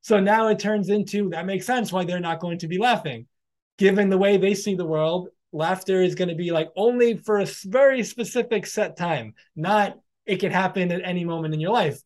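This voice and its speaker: A man's voice: high voice, normal speed, a little mellow. A man hosting a podcast, reflecting in a loose conversational way on a guest's story. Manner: reflective, loose filler-heavy phrasing. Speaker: podcast host. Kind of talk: casual interview reflection.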